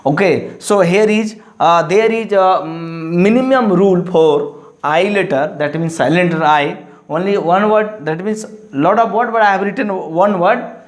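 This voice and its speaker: Halting slow-talking male teacher. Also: high voice. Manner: halting, many fillers and restarts. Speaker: English teacher. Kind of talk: classroom-style lesson. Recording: echoey room.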